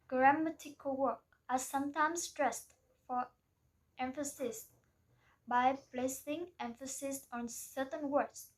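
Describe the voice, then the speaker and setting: High-voiced woman slowly reading a presentation. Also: low-quality recording. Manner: careful, reading aloud from a script. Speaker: student presenter.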